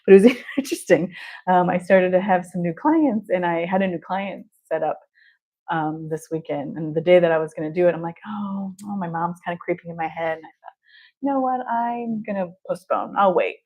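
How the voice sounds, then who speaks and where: A woman's voice: fairly low pitch, a little fast, mellow. A woman therapist hosting a podcast, telling a candid personal story in an open, chatty way and laughing often between phrases.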